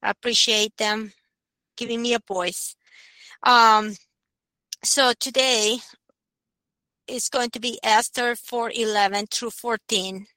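A woman on a talk show who reads scripture in a deliberate, halting manner. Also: a little high, steady tone, pushed and bright, dry recording, poor audio. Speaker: guest reading scripture. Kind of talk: slow scripture reading.

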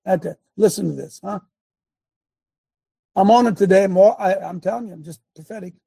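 Gravelly, husky high-voiced preacher. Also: male voice, moderate pace, mellow, dry recording. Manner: folksy, emphatic, talks to his tech aloud. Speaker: preacher hosting a live show. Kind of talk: casual preaching commentary.

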